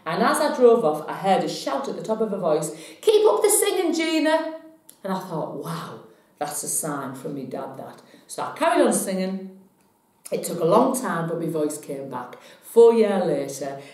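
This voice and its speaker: A woman telling a personal story to camera in a chatty, animated way. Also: low voice. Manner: chatty, animated when retelling. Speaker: psychic vlogger. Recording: very echoey room.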